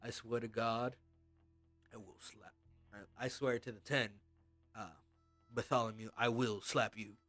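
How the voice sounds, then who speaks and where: A man voicing a brash, gruff bandit leader who drawls and bosses his crew around. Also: medium pitch, fairly even intonation, unhurried, long pauses, a bit bright, no echo, faint music behind, lightly acted. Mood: bossy. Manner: drawling and bossy, threatens to slap.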